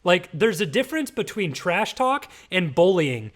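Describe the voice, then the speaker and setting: A man holds forth on his podcast in a casual, emphatic rant, lecturing his listeners. His voice sits a little higher than most men's. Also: big pitch swings, moderate pace, a bit bright. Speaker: podcast host.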